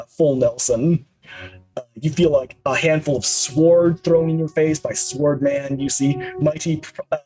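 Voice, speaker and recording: A man's voice: fairly high pitch, mellow, rough recording. A man narrating a tabletop game as game master, hesitant, with many fillers.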